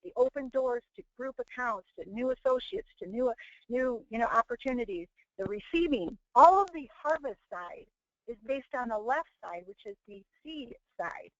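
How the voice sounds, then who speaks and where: A woman's voice: on the high side, lively intonation, moderate pace, no room sound. Middle-aged woman preaching on a dull webinar line. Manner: earnest, preachy, many restarts. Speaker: webinar host and team leader. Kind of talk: motivational webinar talk. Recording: dull, dry lo-fi webinar audio.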